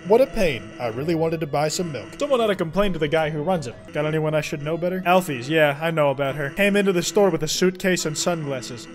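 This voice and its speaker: A man's voice: on the high side, expressive, quick pace, few pauses, faint music behind, natural voice. Sans, a drawling skeleton voiced by a man. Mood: easygoing. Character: laid-back skeleton shopkeeper, male, adult, drawling joker.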